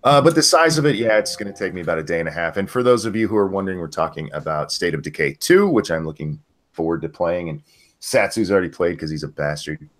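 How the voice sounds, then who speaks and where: A man's voice: low voice, animated, quick pace. An older man hosting a casual livestream chat, telling stories with swearing and jokes. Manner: profane, joking storyteller. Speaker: stream host.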